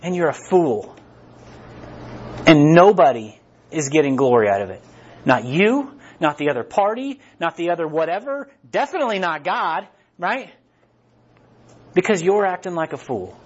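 A man's voice: a little high, very animated, normal speed, pauses often, breathy edge, lo-fi sound. A man, a pastor giving a sermon in a conversational way, often restarting his sentences. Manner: conversational preaching with frequent restarts.

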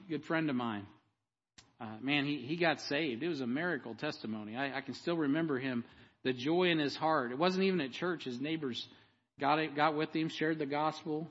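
A man preaching with a high, ringing voice and plenty of fervor. He swings between hushed storytelling and loud, driving emphasis. The sound is dull and carries a long hall echo. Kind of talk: sermon.

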